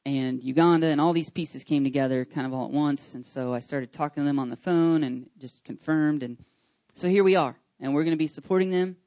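Pastor, man, 30s, chatty and eager, slightly raised pitch, dry close sound. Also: fairly quick, no room sound. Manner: chatty, rambling with many fillers and restarts; enthusiastic, excitable. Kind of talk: casual church announcements. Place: church service.

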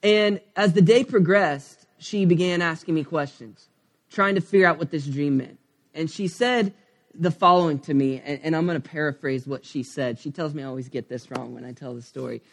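A pastor in his thirties preaches a sermon, sharing a personal story candidly with many fillers and asides. His voice is fairly high and his pace moderate.

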